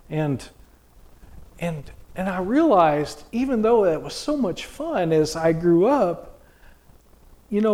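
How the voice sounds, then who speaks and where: A middle-aged man delivers a sermon in a relaxed, homespun way, asking the listeners questions and circling back on his words. His voice sits a bit high for a man and swings widely up and down. He takes his time, speaking at an unhurried pace. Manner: folksy, conversational preaching with many restarts and rhetorical questions. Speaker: preacher.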